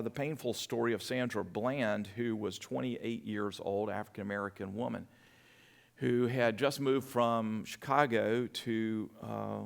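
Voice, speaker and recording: Middle-aged guy preaching, gravelly voice, lots of uh and restarts. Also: fairly low pitch. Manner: storytelling with many restarts and fillers. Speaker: pastor. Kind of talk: sermon.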